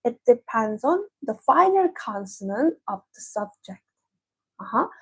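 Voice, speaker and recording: Korean-accented woman teaching, slightly husky. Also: a little high, very animated, measured pace, poor audio. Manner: patient, explains step by step with many "mm-hmm"s. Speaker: language teacher. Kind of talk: online lesson.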